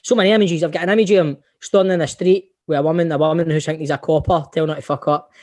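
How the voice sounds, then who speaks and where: A man's voice: on the high side, steady tone, rapid-fire, a little mellow. A Scottish man hosting a football podcast in jokey, laughing casual chat. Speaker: podcast host.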